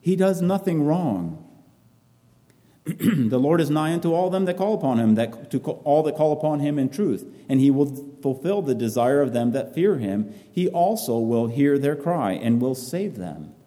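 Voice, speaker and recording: A man preaching a sermon, reading scripture aloud and expounding it in earnest, repetitive, halting phrases. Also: a little high, animated, mellow, big-room sound.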